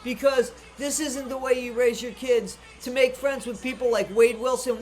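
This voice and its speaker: A woman's voice: a little high, steady tone, normal speed, hardly any pauses, darkish tone. A woman giving blunt, indignant true crime commentary, swearing freely as she rants. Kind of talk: ranting commentary.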